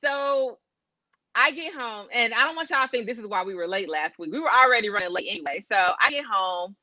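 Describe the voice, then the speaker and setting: Lively, animated woman telling a story. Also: fairly high pitch, brisk, no room sound, lo-fi sound. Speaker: podcast co-host. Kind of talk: casual storytelling chat.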